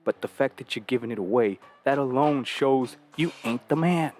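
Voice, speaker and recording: A man's voice: mid-range voice, moderate pace, a little mellow, faint music behind. A man hosting a talk show, lecturing bluntly and profanely, full of rhetorical questions. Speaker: podcast host giving dating advice. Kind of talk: casual talk.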